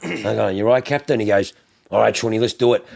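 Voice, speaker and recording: A middle-aged Australian man telling animated, swear-heavy stories as a podcast host, acting out other people's lines. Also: lowish voice, brisk, gravelly. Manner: animated, profane anecdotes with acted-out quotes. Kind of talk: casual chat, storytelling.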